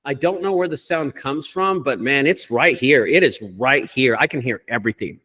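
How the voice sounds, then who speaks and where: A man who owns a junk removal business, telling stories in a casual group call with lots of swearing and animated delivery. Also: mid-range voice, moderate pace, breathy edge. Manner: profane, animated storyteller.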